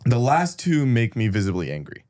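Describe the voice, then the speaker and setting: A man's voice: medium pitch, very animated, normal speed, mellow. A man co-hosting a casual podcast chat, bluntly roasting and teasing his friend. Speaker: podcast co-host.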